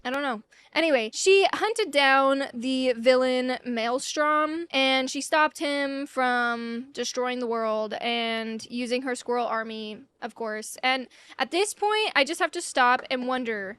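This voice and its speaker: High-voiced, mocking young woman. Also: a little slow, fairly bright tone, clear, resonant tone, no room sound. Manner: mocking, chatty, giggly asides. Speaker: comic history vlogger. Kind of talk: sarcastic comedic commentary.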